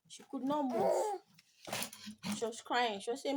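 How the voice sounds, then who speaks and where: A woman's voice: on the high side, lively intonation, takes it slowly, long pauses. Nigerian woman vlogger telling an emotional story. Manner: emotional, rambling retelling, mixing English with Pidgin. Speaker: mommy vlogger. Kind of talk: personal storytelling to camera. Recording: noisy home video recording.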